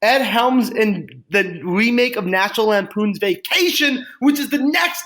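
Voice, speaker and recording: A man's voice: high-pitched, lively intonation, unhurried, bright, forceful tone. A man co-hosting a comedy podcast, rambling and stammering through casual banter. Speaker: podcast co-host.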